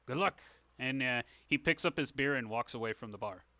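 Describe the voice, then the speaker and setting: A man's voice: mid-range voice, fairly quick, sharp tone, no room sound. A man narrating as game master in a tabletop game, describing scenes casually with many fillers. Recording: online session.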